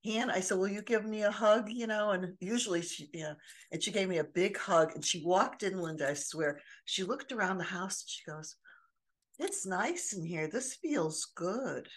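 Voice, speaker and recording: Speaking a little fast in a medium-pitched voice, an older woman shares personal stories as a podcast co-host. The chat is casual and earnest, and she restarts her sentences often.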